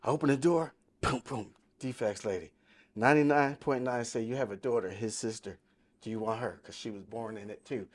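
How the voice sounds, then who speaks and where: A man's voice: mid-range voice, a little mellow. Sixty-year-old man telling his testimony. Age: 60s. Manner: emphatic storytelling, quoting others. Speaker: podcast guest. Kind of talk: testimony in casual talk.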